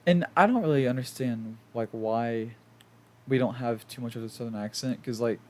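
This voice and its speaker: A young man from South Carolina chats casually as a podcast co-host. His voice sits at an ordinary middle pitch. He speaks softly and hesitantly, often restarting his sentences. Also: moderate pace. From South Carolina, USA. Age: young adult. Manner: hesitant, many restarts, soft-spoken. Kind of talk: casual chat.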